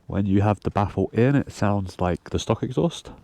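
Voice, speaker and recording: A man's voice: fairly low pitch, moderate pace, gravelly, no echo. A man with a congested, nasal voice from a cold, chatting casually as he rides a motorbike on trails. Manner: chatty, loose, repeats himself. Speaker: motorcycle vlogger. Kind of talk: casual chat while riding. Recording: loud engine and wind noise.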